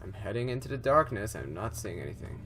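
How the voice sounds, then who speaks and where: A man's voice: on the low side, big pitch swings, fast, a bit bright, a little hiss or hum. A young man commentating a horror game he is playing, rambling with lots of fillers and restarts, easily startled. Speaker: gameplay commentator.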